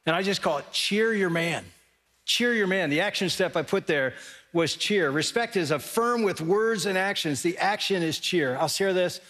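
A middle-aged male pastor preaching a sermon, telling lively stories and speaking straight to his congregation in a large church auditorium. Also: high voice, normal speed. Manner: animated storytelling, addressing the congregation directly. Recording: long reverb of a large hall.

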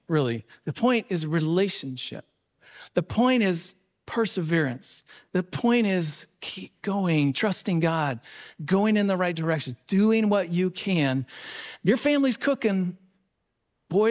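A man speaking to a live audience at a seminar, telling stories earnestly. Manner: storytelling, earnest, varies pitch widely.

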